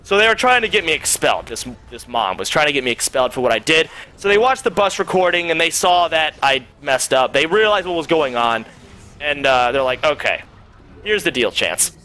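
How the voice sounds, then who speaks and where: Young guy streamer rambling thru a story, swears a lot, bright kinda high voice. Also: animated, brisk, a little hiss or hum. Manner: rambling and profane, with frequent fillers. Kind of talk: casual storytelling.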